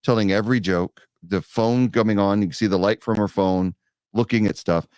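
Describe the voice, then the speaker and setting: A man co-hosting a podcast in casual chat, animated and quick to laugh. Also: fairly low pitch, dry recording, clean studio sound. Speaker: podcast co-host.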